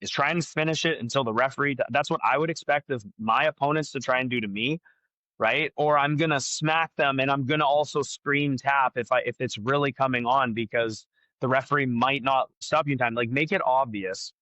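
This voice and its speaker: A man talks frankly as a podcast guest and works through his opinions aloud, with plenty of fillers and restarts. His voice is bright and forceful. The sound is dry and close. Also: medium pitch, fairly quick, no echo, dull audio. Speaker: jiu-jitsu black belt and academy owner, guest. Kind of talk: casual podcast conversation.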